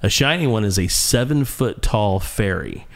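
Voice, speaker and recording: Low-ish guy telling a story on a podcast, animated, keeps restarting his sentences. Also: moderate pace. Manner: animated, with frequent restarts and repeated words. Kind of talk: casual anecdote telling.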